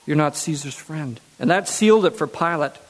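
Man, preacher, sermon, high pitch, reads verses then repeats phrases for emphasis, long hall reverb. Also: expressive, normal speed.

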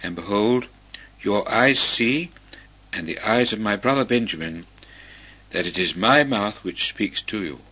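A man reading scripture, voicing Joseph as an earnest, forgiving grown man who slows on key words. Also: fairly low pitch, animated, bright, forceful tone, husky, heavily acted. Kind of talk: slow measured scripture reading. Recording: dull lo-fi recording.

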